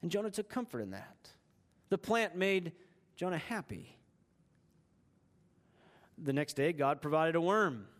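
A man's voice: a little high, very animated, measured pace, pauses often. A man preaching a sermon, retelling a story with dramatic shifts in pace and emphasis. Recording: long hall reverb.

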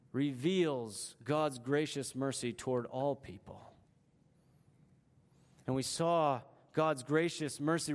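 A man preaching a sermon, retelling a story with dramatic shifts in pace and emphasis. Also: on the high side. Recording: long hall reverb.

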